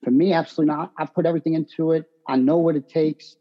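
A brash boxer tells his fight stories with lively energy. His voice sits a little high for a man. The audio is muffled and lo-fi. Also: racing. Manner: brash, animated storytelling. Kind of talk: interview answers.

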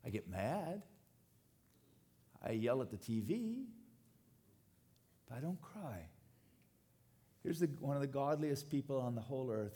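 A man preaching a sermon, animated and dropping to quiet tones for emphasis. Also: medium pitch, unhurried, long pauses. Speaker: pastor.

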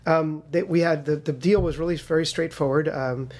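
A man's voice: a little high, normal speed, slight background noise. A man, a game studio co-founder, telling a story in a casual interview, acting out quoted voices with many fillers and restarts. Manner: lively storyteller who acts out quoted voices.

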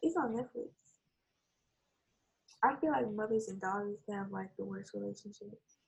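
A woman in casual chat, retelling a story with lively acted-out quotes, swearing and laughing often. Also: mid-range voice, moderate pace, gravelly, rough recording. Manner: animated storytelling, acts out quotes.

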